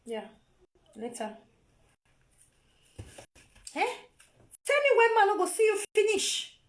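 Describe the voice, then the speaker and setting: A woman's voice: extremely high pitch, big pitch swings, takes it slowly. A Nigerian woman on a phone live video, lecturing her viewers in a scolding, repetitive way. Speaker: vlogger.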